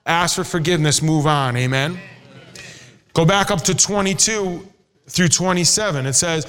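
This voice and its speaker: A man's voice: on the high side, a little fast, fairly bright tone, smooth. A middle-aged male pastor preaching a sermon in a conversational way, acting out quoted voices. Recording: hall reverb.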